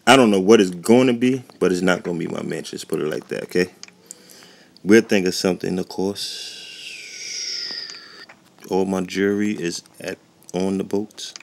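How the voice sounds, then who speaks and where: A man with a low, deep voice talks casually over a game, rambling and often losing his thread. His voice has a gravelly, creaky edge. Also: moderate pace, pauses often, slight background noise. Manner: rambling, chatty, loses his train of thought. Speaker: gaming YouTuber. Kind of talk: casual gameplay commentary. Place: warm indoor room at home.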